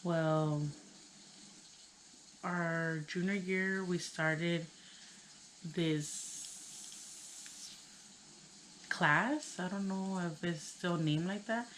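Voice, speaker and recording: A woman in her thirties telling a personal story on her channel, tearful and halting, with many pauses and fillers. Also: fairly low pitch, a bit bright, slight background noise, poor audio. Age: 30s. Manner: hesitant, halting, full of "you know". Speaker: vlogger.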